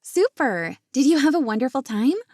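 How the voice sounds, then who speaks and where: A woman voicing an excitable, gossipy young woman friend who teases and chatters in a lifted voice. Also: normal speed, dry recording, studio quality. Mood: teasing. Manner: teasing, bubbly, raised pitch.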